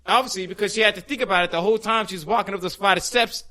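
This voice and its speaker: A man's voice: high voice, very fast, bright, forceful tone. Rambling, profane male podcast host. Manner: rambling, profane, with many ums and searching for names. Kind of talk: casual comedy chat.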